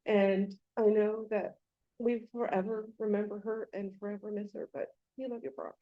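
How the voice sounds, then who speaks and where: A woman giving a eulogy for a friend in an event room, halting and full of fillers, with sudden bursts of excitement. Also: mid-range voice. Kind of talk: memorial speech. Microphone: handheld microphone. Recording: dull lo-fi venue audio.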